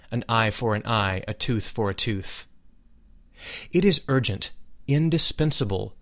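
A man giving a solemn, measured reading of a spiritual text, dwelling deliberately on each phrase. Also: mid-range voice. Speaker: reader of spiritual teachings.

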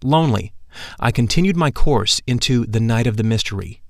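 A man's voice: medium pitch, expressive, a little fast, no echo, clean studio sound. A man narrating a mystical first-person account in an earnest, reverent reading.

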